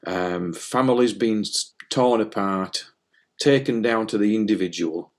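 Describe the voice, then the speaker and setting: Low-voiced man in rambling spiritual chat. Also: measured pace. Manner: jokey, rambling, many fillers and restarts. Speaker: medium and podcast co-host.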